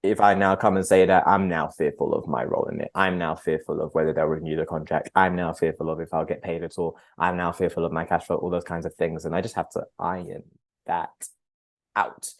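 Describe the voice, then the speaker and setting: Low-voiced man, earnest and reflective. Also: flat delivery, a little fast. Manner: earnest, reflective, with frequent fillers. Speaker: podcast guest, agency founder. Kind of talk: conversational interview.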